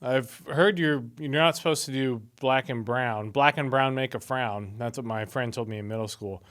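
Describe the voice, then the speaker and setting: A man's voice: medium pitch, normal speed, a bit bright. A man reading scripture aloud in a casual video and adding his own chatty, wry asides as he goes. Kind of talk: casual Bible reading with commentary.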